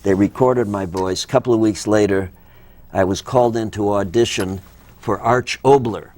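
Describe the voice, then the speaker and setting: A man's voice: lowish voice, moderate pace, a little mellow, dry recording. Older man telling anecdotes. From Minnesota. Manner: rambling storyteller, acts out quotes. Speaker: actor as interview guest. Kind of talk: anecdotal interview talk.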